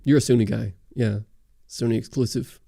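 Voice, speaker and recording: A man's voice: mid-range voice, steady tone, normal speed, gravelly, dark tone, no echo. A man from Northern Ireland with a Northern Irish accent, hosting a casual livestream and rambling through answers to viewer chat on a close studio mic. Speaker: YouTube host on a livestream.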